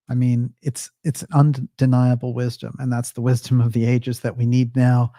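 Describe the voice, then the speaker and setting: A man's voice: mid-range voice, completely flat delivery, normal speed, hardly any pauses, dark tone, dry recording, clean studio sound. A man hosting a livestream, chatting casually and reading out viewer comments, with frequent fillers. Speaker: livestream host.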